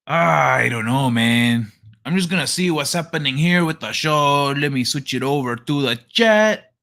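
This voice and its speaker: Young male streamer, bright tone, casual and profane, rambling late-night chat. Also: a little high, animated, measured pace, creaky. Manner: rambling, profane, laid-back. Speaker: live stream host. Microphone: desk microphone he adjusts.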